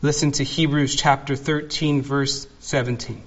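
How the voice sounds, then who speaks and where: A man preaching an expository sermon as pastor, slow and earnest, dwelling on single words. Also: a little high, a bit bright, highs cut off.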